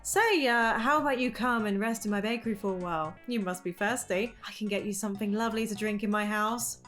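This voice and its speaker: A woman's voice: mid-range voice, a little fast, a bit bright, faint music behind, natural voice. A woman voicing a cheery, sweet young witch who runs a bakery, with a bubbly, fussing manner. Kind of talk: video game voice-over reading.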